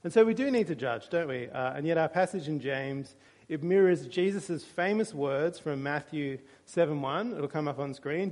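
A man's voice: fairly high pitch, moderate pace, a little mellow. A male pastor preaching a sermon in a church, conversational and with dry humor.

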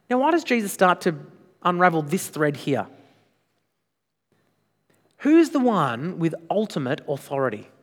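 Preaching man in an echoing hall. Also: sits high. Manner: emphatic, with frequent rhetorical questions. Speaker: pastor. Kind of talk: sermon. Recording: long reverb of a large hall.

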